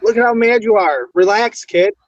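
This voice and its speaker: A man in a live voice chat, mockingly telling another to calm down. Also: high-pitched, moderate pace, no echo, highs cut off. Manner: mocking, tells others to relax. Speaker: chat room member.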